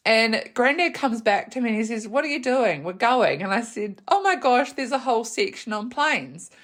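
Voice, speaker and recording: A woman with a New Zealand accent hosting a podcast, telling a funny story in a casual, animated way, laughing often and acting out what people said. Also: mid-range voice. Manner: animated, laughs often, acts out quoted voices. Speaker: podcast host.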